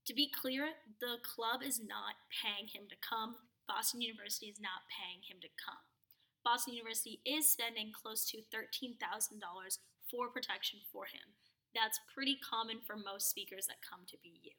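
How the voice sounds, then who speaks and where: Bright-voiced young woman, heard off-mic. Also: fairly high pitch, normal speed, recorded from a distance. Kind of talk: casual news chat.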